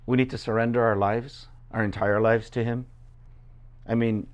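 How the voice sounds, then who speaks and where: A man preaching a sermon, first reading scripture aloud, then explaining it in a loose, conversational way full of fillers and quick asides. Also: fairly low pitch. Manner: conversational, many fillers, acts out quoted voices. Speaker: pastor.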